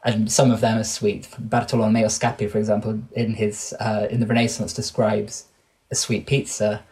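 This guest researcher on an interview podcast is a man in his thirties from Wales who has an English accent. He talks at a normal speed in a level, slightly mellow voice on the low side, thinking carefully and often starting sentences over to fix them.

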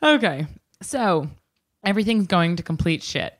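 A woman's voice: on the low side, sing-song, moderate pace. A young woman co-hosting a podcast, telling a story in loose, profane casual chat and laughing easily. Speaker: podcast co-host.

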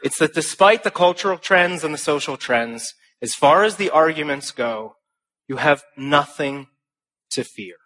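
A young man giving a speech to a live audience, telling stories in an animated, self-deprecating way. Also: a little high, moderate pace. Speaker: conference speaker.

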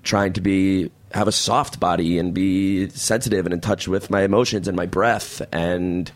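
A man's voice: low voice, fairly even intonation, normal speed, no echo. A man in his thirties co-hosting a radio talk show, talking candidly and rambling. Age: 30s. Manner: candid, rambling, self-deprecating. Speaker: co-host.

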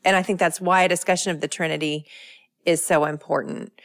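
Low, gravelly-voiced woman. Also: steady tone, a little fast, no room sound, clean studio sound. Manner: thoughtful, asks questions and builds on the others' points. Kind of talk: podcast discussion.

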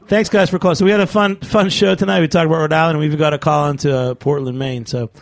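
A man's voice: on the high side, fairly even intonation, fast. A man hosting a casual radio talk show in a studio, upbeat and rambling as he wraps up. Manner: upbeat, rambling sign-offs with laughs.

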